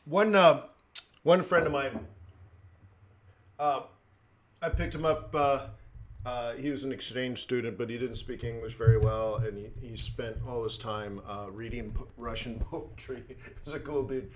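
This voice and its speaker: A man's voice: medium pitch, measured pace, a little hiss or hum. A man hosting a live trading stream, talking casually with lots of fillers and chuckled asides. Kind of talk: casual chat.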